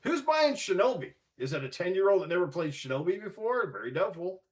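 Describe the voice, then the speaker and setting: A man ranting on a podcast in a loose, profane way, his voice sitting a bit high for a man. He swears freely and slips into mocking voices while he makes his case. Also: big pitch swings, a little fast. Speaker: podcast co-host. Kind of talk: casual ranting podcast chat.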